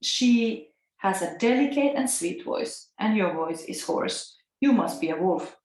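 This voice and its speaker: A woman's voice: medium pitch, lively intonation, unhurried, a little mellow, close to an everyday voice. A woman reading out the lines of wary little goat kids from a storybook, with a Finnish accent tinged with Italian. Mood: defiant. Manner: read aloud plainly from a storybook. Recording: echoey room.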